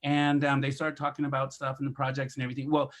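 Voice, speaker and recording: A man's voice: mid-range voice, quick pace. A man who grew up in India, a photographer and podcast guest, telling stories in a casual interview and acting out the voices in them. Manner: animated storyteller who acts out voices in his anecdotes.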